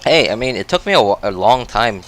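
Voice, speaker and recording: A man's voice: lowish voice, big pitch swings, fairly quick. A Filipino man with an American accent, streaming gameplay and chatting with his viewers. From Philippines. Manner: chatty, reacts aloud and answers chat. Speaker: game streamer. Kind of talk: gameplay livestream commentary.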